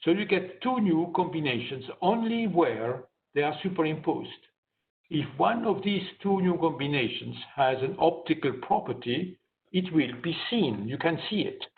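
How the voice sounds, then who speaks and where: A man's voice: a little high, lively intonation, moderate pace. A man giving an academic science lecture, explaining his slides step by step. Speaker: guest lecturer. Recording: tinny phone-like online lecture audio.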